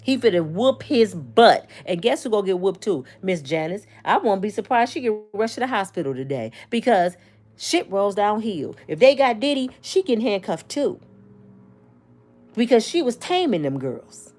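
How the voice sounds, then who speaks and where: A woman talking straight to camera in an animated, preachy opinion monologue, acting out quotes as she goes. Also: moderate pace. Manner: expressive, preachy, acts out quotes in a sliding pitch. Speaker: commentary vlogger.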